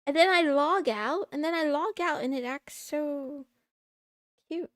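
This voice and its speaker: A woman's voice: sits high, unhurried, a bit bright, dry recording, studio quality. A woman VTuber streamer in casual livestream chatter while studying, muttering to herself and slipping in playful meows and silly sounds.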